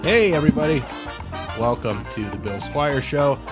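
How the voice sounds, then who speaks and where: A young man hosting a casual comedy podcast, telling a story with lively voiced-out dialogue. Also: mid-range voice, normal speed, over music. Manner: animated storyteller acting out both sides of a dialogue. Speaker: podcast host.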